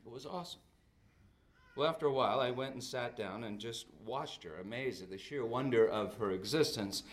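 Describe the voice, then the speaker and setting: A pastor in his fifties delivers a sermon full of stories, speaking fairly quickly at a medium pitch. His voice swings between loud outbursts and soft, quiet drops.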